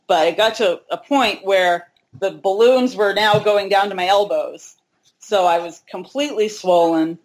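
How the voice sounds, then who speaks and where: A hiker in her forties, appearing as an interview guest, tells a personal story candidly and chattily, with self-deprecating humor. Her voice is fairly low in pitch, and the audio is poor.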